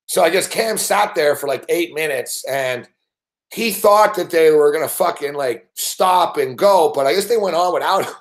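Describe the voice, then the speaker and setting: A man hosting a sports betting show, telling a story in a casual way, swearing constantly and laughing often. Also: on the high side.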